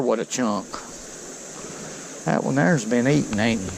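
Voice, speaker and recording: A man, giving excited, folksy commentary to viewers while he fishes a creek outdoors. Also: mid-range voice, measured pace, gravelly, a little hiss or hum, poor audio. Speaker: fishing vlogger.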